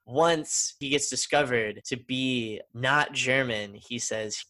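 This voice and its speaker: Bright-voiced enthusiastic man. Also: mid-range voice, slow pace, hardly any pauses. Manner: enthusiastic, rambling with restarts. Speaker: podcast co-host. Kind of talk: casual chat.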